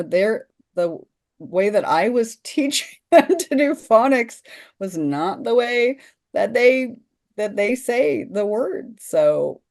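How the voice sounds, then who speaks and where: A woman's voice: mid-range voice, darkish tone. A woman leading a video-call training session, chatting enthusiastically with participants. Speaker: workshop trainer. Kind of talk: casual group discussion.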